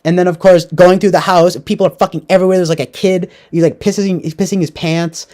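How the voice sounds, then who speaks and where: A man's voice: high voice, fast talker. A young man casually recapping a movie, rambling with lots of fillers. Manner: rambling, filler-heavy, animated. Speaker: podcast host.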